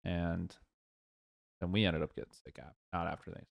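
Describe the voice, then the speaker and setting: A man's voice: sits low, steady tone, brisk, creaky, dry recording. A young man co-hosting a podcast in casual chat, rambling and jumping between thoughts. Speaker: podcast co-host.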